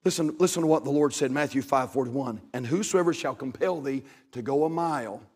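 A man preaching as a pastor, impassioned and repeating his phrases, rising to shouts at the high points. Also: a little fast, husky. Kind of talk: sermon. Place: church sanctuary. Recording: long reverb of a church hall.

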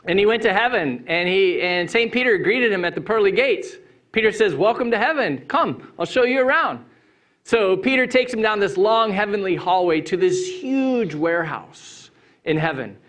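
A middle-aged man preaching an Easter sermon as pastor in a church, relaxed and playful, with big swings in pitch and loudness. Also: normal speed. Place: church sanctuary. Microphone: handheld mic.

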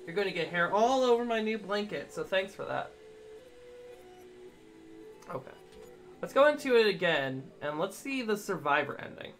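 Man, casual game streamer, answers chat, baby talk to his dog, forceful tone, faint music behind. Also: high voice, animated, moderate pace, long pauses. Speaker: livestreamer. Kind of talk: casual live game commentary.

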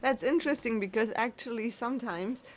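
A woman's voice: a little high, brisk. A woman co-hosting a casual talk show who recalls stories with fillers and frequent laughs. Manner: chatty, laughs often. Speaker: co-host. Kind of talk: casual chat.

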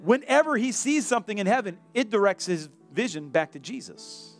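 A man with a high, light voice preaches to his church, animated and lively. He acts out the voices of the people in his story. Faint instrumental music plays softly behind him. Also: moderate pace. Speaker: pastor. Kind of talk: sermon. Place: church sanctuary.

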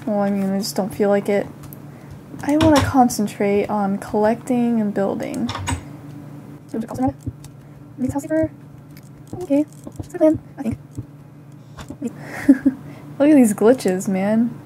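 A slightly high female voice takes things slowly, pausing often, with background noise present. The young gaming channel host, a little sick and coughing on occasion, provides casual gameplay commentary, talking to herself and breaking into panicked cries.

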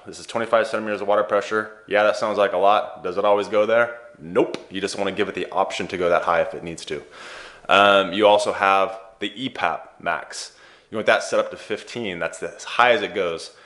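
A man with a low, slightly bright voice hosts a sleep therapy advice channel. He gives a casual explainer, sprinkling in chatty, playful jokes along the way.

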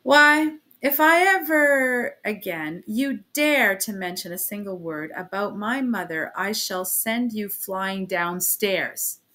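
Woman reading an ill, furious young man in an audiobook; sharp and cutting. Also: fairly high pitch, a little slow, voice pushed up. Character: feverish young man, sick in bed and furious.

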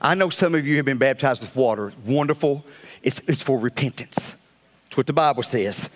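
A man preaching a fiery sermon as pastor, swinging between loud calls and hushed asides. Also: medium pitch, moderate pace.

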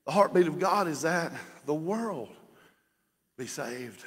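A man preaching a sermon as pastor, folksy and building to shouts. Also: a little high, animated, takes it slowly, husky, big-room sound. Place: church sanctuary.

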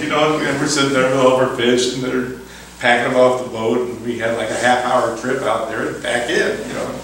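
An older man, a former fishing boat skipper, telling folksy stories to an audience, chuckling and acting out the voices in a high excited tone. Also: normal speed, a little hiss or hum. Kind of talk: storytelling lecture. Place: town hall lecture room. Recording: echoey hall, far from mic.

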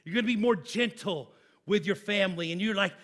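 A man's voice: high voice, brisk, fairly bright tone. A man, a pastor, preaching a sermon in a conversational, emphatic way with everyday examples.

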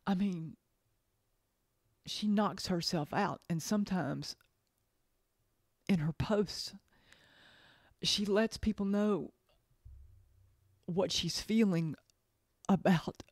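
In a casual podcast monologue, a woman with a fairly low-pitched voice speaks earnestly and emotionally, halting frequently, repeating phrases, and trailing off before restarting. The sound is studio quality, without echo.

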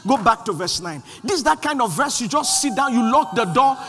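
High-pitched animated preacher. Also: male voice, a little fast, soft background music. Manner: animated, shouting refrains, acts out quoted voices. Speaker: pastor. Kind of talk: sermon. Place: large church hall. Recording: long hall reverb.

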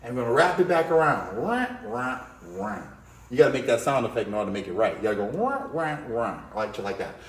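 A man's voice: medium pitch, rapid-fire, few pauses. A man teaching kids to draw in a playful, hyped way, calling out to them and adding sound effects as he works. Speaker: art teacher. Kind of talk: energetic drawing lesson for kids. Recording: echoey room.

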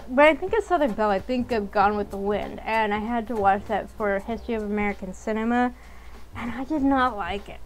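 A woman's voice: fairly high pitch, rough recording. A young woman chatting casually while playing a story game, rambling along with frequent ums. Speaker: game streamer.

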